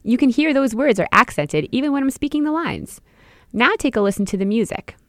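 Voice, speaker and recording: In this scripted educational narration, a music teacher and podcast host walks through a lesson, addressing the listener directly with questions. Her delivery is brisk, clear and very animated, with pitch that roams up and down as she explains. The sound is close and dry, carrying no room tone.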